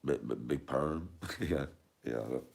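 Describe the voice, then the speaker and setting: A man's voice: a bass voice, slow pace, gravelly. A man with a Birmingham accent, rambling crudely and laughing often as he chats. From Birmingham, England. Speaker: streamer.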